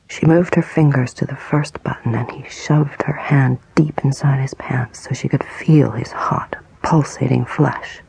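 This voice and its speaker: Hushed husky woman narrating slowly. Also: extremely low pitch, fairly even intonation, whispered, rough recording. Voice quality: breathy, husky, gravelly. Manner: slow, hushed, intimate. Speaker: audiobook narrator. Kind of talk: whispered narration of an audiobook.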